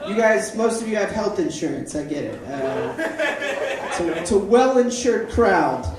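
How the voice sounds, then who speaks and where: A man doing a deadpan, self-deprecating stand-up set at a live open mic, bantering with the crowd. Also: sits high, measured pace. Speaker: stand-up comedian. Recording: echoey live room from far off. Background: audience laughter.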